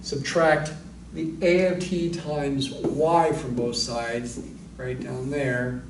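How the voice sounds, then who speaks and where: A man's voice: mid-range voice, flat delivery, slow, recorded from a distance, a little hiss or hum. Man giving a math lecture in an echoey room. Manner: explains step by step, thinking aloud with asides. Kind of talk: recorded university lecture. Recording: echoey room, voice a little off-mic.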